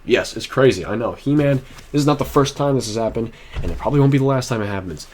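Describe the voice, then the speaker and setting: A man's voice: mid-range voice, animated, fast talker, darkish tone, slight background noise. A young man talking to camera in a personal vlog, rambling and restarting often, earnest and emotional. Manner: earnest and heartfelt. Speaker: vlogger.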